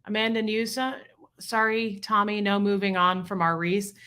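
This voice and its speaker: A woman hosting a casual livestream, chatting warmly and greeting viewers by name as she reads the chat. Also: medium pitch, level tone, normal speed, clean tone. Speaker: livestream host reading chat.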